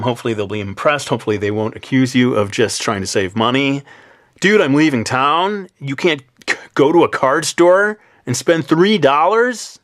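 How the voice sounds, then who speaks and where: A man narrating a drawing tutorial in a relaxed, chatty way, with many filler sounds and some self-deprecating asides. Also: mid-range voice. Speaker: drawing instructor.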